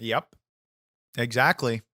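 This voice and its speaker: A man's voice: mid-range voice, slow, pushed and bright, no room sound, studio quality. A man co-hosting a comedy wrestling podcast in a brash, rambling, profane persona. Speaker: podcast co-host.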